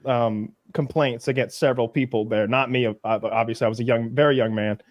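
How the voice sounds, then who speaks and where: A man's voice: mid-range voice, steady tone, fairly quick, dry recording, clean studio sound. A man co-hosting a casual podcast chat, telling a rambling story with frequent restarts and laughter. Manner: rambling, restarts a lot, laughs at own stories. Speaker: podcast co-host.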